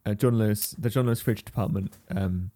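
A man co-hosting a casual tech podcast from his spare bedroom, joking and rambling in quick bursts. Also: fairly low pitch, fairly even intonation, mellow. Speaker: podcast co-host.

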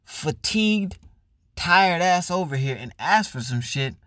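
A man's voice: high voice, expressive, measured pace, dry recording. A man hosting a podcast, delivering a profane, mocking comedic rant and acting out the people he mocks. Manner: loud, profane, mocking, acts out voices. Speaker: podcast host.

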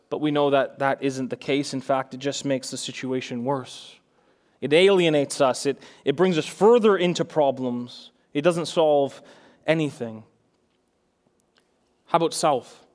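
A man's voice: medium pitch, unhurried, a little mellow. A young adult man, a pastor, preaching a sermon in an earnest way that rises to fervent emphasis.

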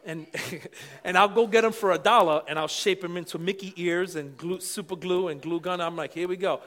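A middle-aged man preaching a sermon with passion, dropping to quiet asides and then rising to shouts. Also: sits high, moderate pace. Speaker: pastor.

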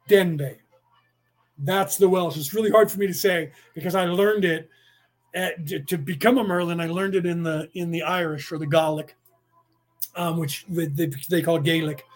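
A man speaking slowly in a rambling spiritual monologue, full of restarts and chanted incantations. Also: fairly high pitch. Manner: slow, deliberate, with many restarts and chanted incantations.

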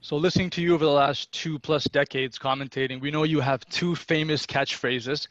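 A man's voice: on the high side, steady tone, a little fast, no echo, lo-fi sound. A man co-hosting an interview, asking questions in a friendly, easy manner. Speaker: podcast co-host. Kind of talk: casual interview.

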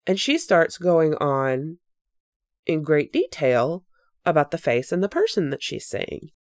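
Podcast host telling a spooky story, earnest and reflective, dry close sound, mid pitch. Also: very animated, unhurried, no echo. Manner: earnest, reflective, with frequent fillers and self-corrections.

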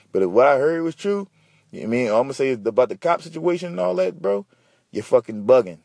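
A man hosting a podcast, ranting and telling stories in a slangy, profane, animated way. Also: mid-range voice, fast, gravelly, no echo. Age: adult. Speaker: podcast host. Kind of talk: casual solo podcast rant.

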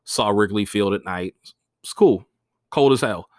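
A young adult man, a stand-up comedian, telling gig stories on a podcast in a casual, animated way, swearing freely and acting out the people he quotes. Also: unhurried, dry recording, clean studio sound. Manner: animated, swears freely, acts out quoted voices with big pitch jumps.

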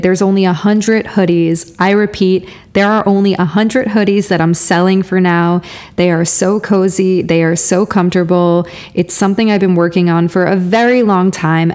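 A woman's voice: medium pitch, darkish tone. Peppy woman reading a merch ad. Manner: emphatic, repetitive, salesy. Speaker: podcast host reading an ad. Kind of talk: upbeat merch ad read.

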